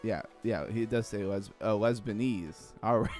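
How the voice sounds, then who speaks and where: A man hosting a casual crypto livestream, chatting loosely, reading out chat messages and trailing off into low mumbles. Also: moderate pace, darkish tone, soft background music. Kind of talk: casual live-stream chat.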